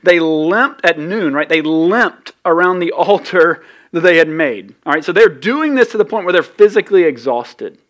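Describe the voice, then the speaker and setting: A man preaching a sermon as pastor, conversational and animated, rising to loud peaks and dropping low. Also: moderate pace, few pauses.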